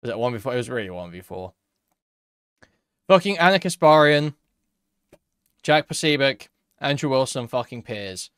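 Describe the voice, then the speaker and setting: A man's voice: medium pitch, expressive, normal speed, pauses often, fairly bright tone, clear, resonant tone, no room sound, clean studio sound. A man streaming live, giving casual commentary in a rambling, profane way while reading chat aloud.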